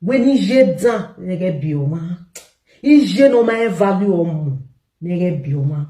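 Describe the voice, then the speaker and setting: A woman's voice: fairly low pitch, lively intonation, moderate pace, dark tone. A Nigerian woman vlogging to her viewers, telling a story in an emphatic, indignant way. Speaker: gossip vlogger. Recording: echoey room.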